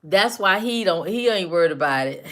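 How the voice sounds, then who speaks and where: A woman's voice: lowish voice, animated, moderate pace, fairly bright tone. A woman hosting a casual live stream, talking back to her chat commenters by name with teasing, repetitive banter.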